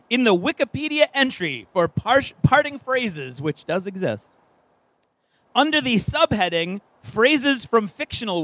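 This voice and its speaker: A man's voice: high voice, no room sound, low-quality recording. A man co-hosting a live podcast in front of an audience, playfully running a trivia quiz. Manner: playful, animated quizmaster. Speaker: podcast co-host.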